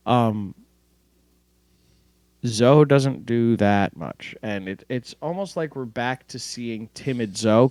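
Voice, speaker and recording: A man co-hosting a casual sports recap over an online call, walking through the plays in a relaxed way. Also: medium pitch, no echo. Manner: relaxed, play-by-play recounting with fillers. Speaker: podcast co-host.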